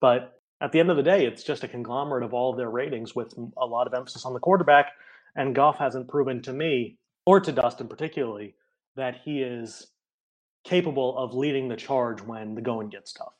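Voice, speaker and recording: A man on a podcast explaining football ratings in casual chat, in quick bursts and often checking with "right?". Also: mid-range voice. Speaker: guest ratings analyst.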